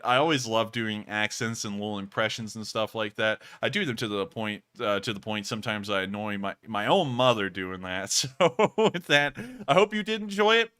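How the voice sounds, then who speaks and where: A man's voice: medium pitch, sharp tone, smooth. A young man of about twenty hosting a live stream, earnestly and effusively thanking viewers for donations. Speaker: livestream host.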